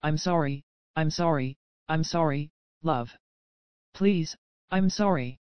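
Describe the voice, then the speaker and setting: A broken young husband begging forgiveness over and over, his apologies close and hushed, as an audiobook reader gives him voice. The tone is smooth and dry, with a dull, lo-fi sound. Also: on the high side, slow, no room sound. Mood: desperate. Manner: pleading, breaking, repeating apologies. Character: remorseful young husband, possessive, tearful.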